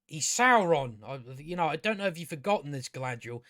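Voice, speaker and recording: A man's voice: a little high, lively intonation, a little fast, fairly bright tone, no echo, clean studio sound. A man ranting sarcastically as he reviews a show, swearing a lot and mocking the characters. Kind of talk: casual profane rant.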